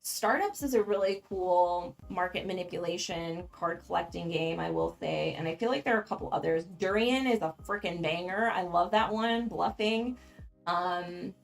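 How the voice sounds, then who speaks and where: A woman's voice: on the low side, moderate pace, gravelly. A woman hosting a casual board game livestream, talking frankly with frequent ums and little laughs. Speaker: board game channel host.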